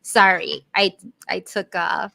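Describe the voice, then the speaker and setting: Bright, chatty woman co-host. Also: on the low side, slow, creaky. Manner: chatty, laughs often. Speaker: podcast co-host. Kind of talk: casual chat.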